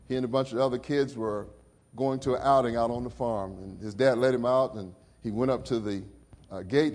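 A middle-aged male preacher in a mid-range voice delivers a sermon through personal stories. He climbs high and loud with excitement, then sinks low and quiet for the sad parts. His telling is full of feeling. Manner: emotive storytelling, rising high and loud then dropping low and soft. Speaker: pastor.

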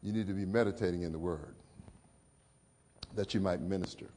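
A man's voice: brisk, slight background noise. Emotive male pastor telling a story. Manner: emotive storytelling, rising high and loud then dropping low and soft. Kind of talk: sermon with personal stories.

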